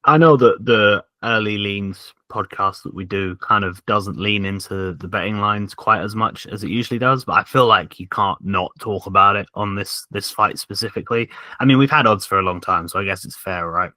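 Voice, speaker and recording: A man with a lowish, bright voice talks in a loose podcast chat. He hedges and fills his pauses with likes and ums. The recording is dry. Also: no echo. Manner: hedging, filler-heavy talk with many likes and ums. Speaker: podcast co-host.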